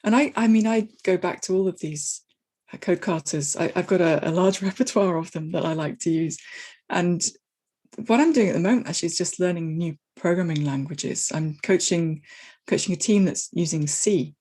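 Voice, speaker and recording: Husky-voiced woman, thoughtful coach. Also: on the low side, normal speed, warm tone. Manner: thoughtful, talks in restarts and hedges. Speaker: guest, technical agile coach. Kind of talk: casual interview conversation.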